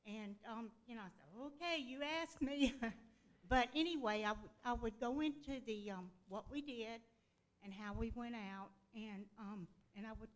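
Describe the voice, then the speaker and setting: A woman sharing a testimony at a church gathering, speaking hesitantly with halting fillers. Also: fairly high pitch, rough recording. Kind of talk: casual spoken testimony.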